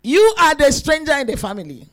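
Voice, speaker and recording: A woman preaching a sermon to women, emphatic and lively, rising to shouts at her peaks. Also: sits high, fairly quick.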